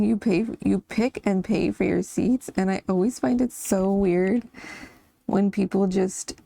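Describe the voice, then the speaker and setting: Chatty woman in her thirties, super gravelly fry voice, mellow tone, rambles about family stuff while coloring. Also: mid-range voice, dry recording. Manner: chatty, rambling, laughs often. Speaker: coloring channel host. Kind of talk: casual chat while coloring.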